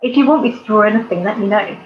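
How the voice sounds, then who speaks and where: A woman with a medium-pitched voice and a southern English accent, from near London, talks very fast. She hosts an art channel and chats casually with live stream viewers, rambling with plenty of ums and giggles. The highs are cut off and there's slight background noise.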